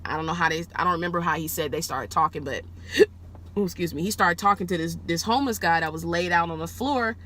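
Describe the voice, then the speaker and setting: Talking to the camera from her car, a woman rideshare driver tells a story in a quick, casual, animated way. She swears freely, and her pitch jumps high whenever she gets excited.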